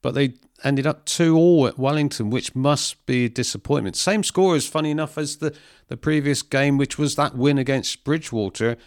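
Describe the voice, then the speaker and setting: A man's voice: medium pitch, moderate pace, smooth, dry recording, studio quality. Man reading football results. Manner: steady, runs through results with hesitant uhs. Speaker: host. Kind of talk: casual football chat.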